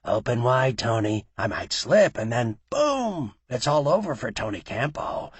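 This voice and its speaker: A man voicing a cold, cruel male mob boss who taunts in a low voice that he rarely raises. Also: sing-song, measured pace, husky, no room sound, heavily acted. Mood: menacing.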